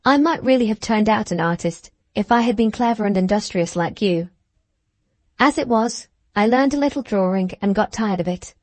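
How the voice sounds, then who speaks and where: A woman's voice: mid-range voice, normal speed, a little mellow, no echo, natural voice. A woman reading the part of a spiteful, gushing young woman with a scornful, mocking manner, in an audiobook.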